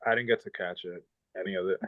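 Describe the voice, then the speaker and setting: Low-voiced guy with brief replies. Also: fairly even intonation, fast, no room sound. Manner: brief reactions and short replies. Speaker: podcast co-host. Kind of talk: casual chat. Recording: tinny, dry, narrow-band sound.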